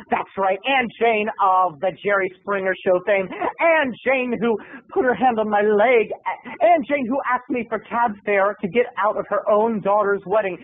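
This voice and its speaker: High-voiced, theatrical male video blogger. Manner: theatrical, flamboyant. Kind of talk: comic storytelling monologue. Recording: tinny phone-like lo-fi sound, dry.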